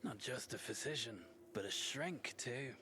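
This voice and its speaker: A man's voice: mid-range voice, expressive, measured pace, lightly acted. A man playing a sick, wry lad. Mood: wry resigned. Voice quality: wry, fatalistic, brushes off help. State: coughing, unwell. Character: sickly weary young man, coughing, fatalistic. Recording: game audio with clear background noise.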